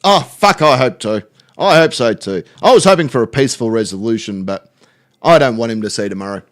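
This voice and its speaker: A man's voice: medium pitch, expressive, brisk. An Australian man hosting a show, mocking clips in crude, constantly swearing reaction commentary.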